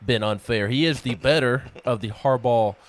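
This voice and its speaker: A man's voice: mid-range voice, normal speed, dry recording. A man co-hosting a casual sports talk show, stuttering on word starts as he works up his opinions.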